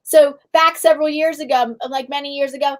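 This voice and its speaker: A woman's voice: sits high, fairly even intonation, fairly quick. A middle-aged woman hosting a livestream, chatting casually and telling rambling stories, raising her voice when heated. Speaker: livestream host. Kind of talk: casual chat.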